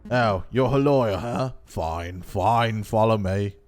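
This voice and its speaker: A man voicing a gruff, impatient male prison guard in a game, loud and brusque. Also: lowish voice, slow, faint music behind.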